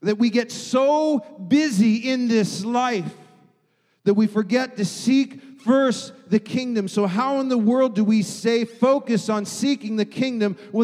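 A man preaching a sermon as pastor, emphatic, swinging from loud declarations to hushed, quiet lines. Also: very high voice, long reverb tail.

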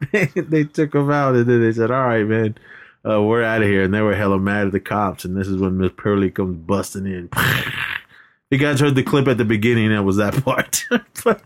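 A man co-hosting a podcast, casually retelling movie scenes, laughing a lot and acting out quotes in a raised voice. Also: normal speed. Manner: laughs constantly, acts out quotes in a high voice. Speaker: podcast co-host. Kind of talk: casual movie recap chat.

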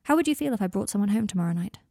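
A woman's voice: medium pitch, expressive, racing, dark tone, no echo, clean studio sound. A woman voicing a frustrated, lovesick young man in a storybook reading. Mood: pointed.

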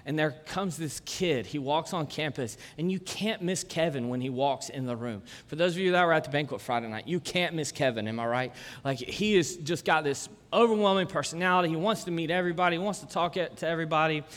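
A man's voice: on the high side, brisk, few pauses, fairly bright tone. A man, preaching a casual, conversational sermon full of jokes and chatty asides. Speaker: pastor. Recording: long church-hall reverb.

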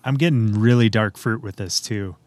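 A man's voice: lowish voice, normal speed, darkish tone, no echo. Man, casual beer tasting chat, descriptive, laughs often, dry sound. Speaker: beer reviewer.

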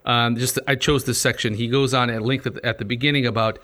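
A man's voice: mid-range voice, steady tone, brisk, a bit bright. A man co-hosting a podcast, upbeat and chatty in casual conversation. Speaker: podcast co-host. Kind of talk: casual chat.

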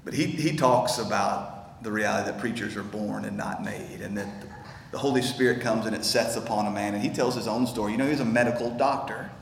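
A man's voice: on the low side, fairly even intonation, brisk, a little hiss or hum. A male pastor preaching an earnest, intense sermon in a church, often stammering and repeating words as he builds. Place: church sanctuary. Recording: echoey hall with faint ambience.

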